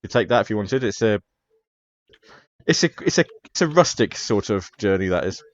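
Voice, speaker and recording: A man's voice: lowish voice, animated, normal speed, no echo. Male game master, middle voice, rambling narrator, dry and slightly muffled audio. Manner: rambling, hesitant narration with many fillers. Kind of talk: narrating a tabletop mystery game.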